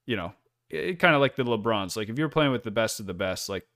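A man with a fairly low voice co-hosts a sports podcast. He talks in a blunt, animated way and laughs often. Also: fast talker. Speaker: podcast co-host. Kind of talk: casual sports podcast chat.

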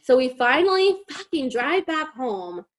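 In a casual podcast chat, a young woman with a slightly high voice tells a chaotic story, very animated yet unhurried. She swears freely and acts out every line she quotes.

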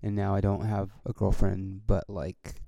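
Gravelly, low-voiced man rambling casually. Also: completely flat delivery, unhurried, dark tone, no room sound. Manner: rambling, swears often, many restarts. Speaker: podcast host and comedian.

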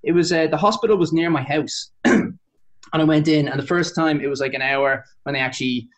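A man who is a guest on a podcast, telling a long story in a rambling way. He is animated, corrects himself often and says "like" a lot. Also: a little high, a little fast. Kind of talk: casual storytelling.

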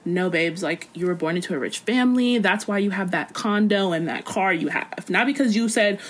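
A young woman with a lively, swinging voice trades casual podcast talk. She sounds expressive and slangy, tossing in quick asides as she goes. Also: on the low side. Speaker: podcast co-host. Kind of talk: casual chat.

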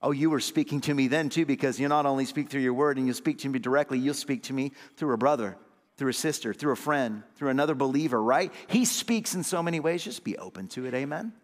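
A man, an associate pastor, preaching a sermon with call-and-response amens, swinging between loud emphatic lines and low hushed ones. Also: fast talker, in a large hall.

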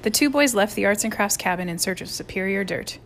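Woman, audiobook narrator, lively expressive reading, medium pitch. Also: brisk, slight background noise. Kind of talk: storybook narration.

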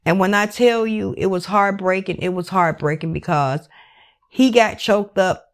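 A woman narrates a true crime case in a loose, conversational way, her voice sitting at an ordinary middle pitch. She talks candidly and with feeling, swears freely and keeps slipping in "like" as she goes. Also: moderate pace. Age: adult parent. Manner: emotional, candid and profane, with many "like" fillers. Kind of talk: casual true crime recap.

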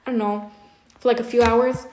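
A woman's voice: a little high, level tone, fairly quick, a little mellow, slight background noise. A young adult woman co-hosting a podcast, telling a long story in casual chat, filling it with lots of filler words. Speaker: podcast co-host. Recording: echoey room.

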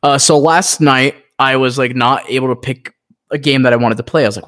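Male co-host, average pitch, casual and excitable, rambling delivery. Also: brisk. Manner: excitable, rambling with many fillers. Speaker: podcast co-host. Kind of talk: casual chat.

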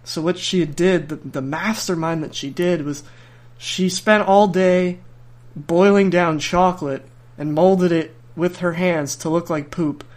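A man's voice: on the high side, steady tone, a little slow. Young man telling a rambling story. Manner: rambling, restarts often, laughs through his story. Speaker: podcast host. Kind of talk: casual storytelling.

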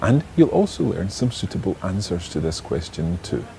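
A man hosting a language course, teaching deliberately and slowing down to model words. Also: deep voice, big pitch swings, vocal fry. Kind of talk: scripted language lesson. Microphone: close studio mic.

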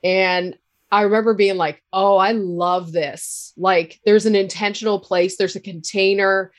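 A woman's voice: medium pitch, steady tone, measured pace. Outspoken woman with a Cape Breton accent. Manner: candid, laughs loudly, swears freely. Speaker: podcaster guest. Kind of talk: casual interview talk.

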